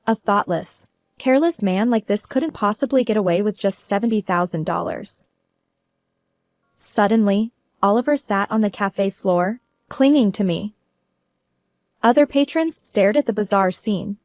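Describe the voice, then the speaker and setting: A woman's voice: mid-range voice, lively intonation, measured pace, a little mellow, dry recording. Businesslike woman narrating a story. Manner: cool and businesslike. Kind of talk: first-person story narration.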